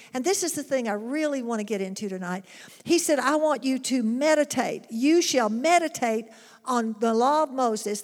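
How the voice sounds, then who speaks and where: A woman delivers a sermon, earnest and emphatic, asking her listeners rhetorical questions. Her voice sits fairly high. A long reverb trails her words as in a large hall. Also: darkish tone. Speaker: preacher.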